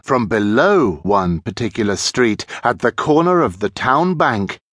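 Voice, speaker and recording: Slow, lively male storybook narrator. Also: medium pitch, dry recording, studio quality. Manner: expressive storytelling. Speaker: audiobook narrator. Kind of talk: children's audiobook narration.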